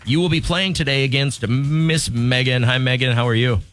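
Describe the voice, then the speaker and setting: A man hosting morning radio, running a call-in contest with jokey, fast-moving banter. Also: medium pitch, steady tone, noisy background. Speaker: radio show host.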